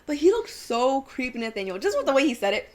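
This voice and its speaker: A woman co-hosting a podcast, telling a story in casual chat with relaxed slang. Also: high voice, fast. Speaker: podcast co-host.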